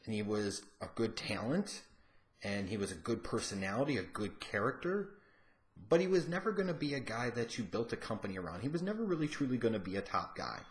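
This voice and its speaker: A man's voice: on the low side, big pitch swings, fairly quick. Opinionated man reviewing wrestling. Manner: frank and opinionated, swears casually. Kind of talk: casual opinionated commentary.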